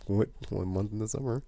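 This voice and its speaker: A man's voice: on the low side, creaky, dark tone, dry recording. A man vlogging in a casual, meandering chat, full of fillers and restarts.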